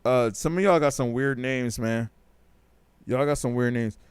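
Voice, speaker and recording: A man's voice: medium pitch, a little slow, clear, resonant tone, dry recording. A man hosting a casual live-stream talk show, reading chat comments aloud, loose and joking, with slang and lots of repeats.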